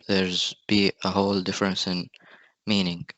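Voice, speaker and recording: A male student giving a short class presentation, reading his examples slowly and evenly over a video call. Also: lowish voice, steady tone, a bit bright, no room sound, rough recording.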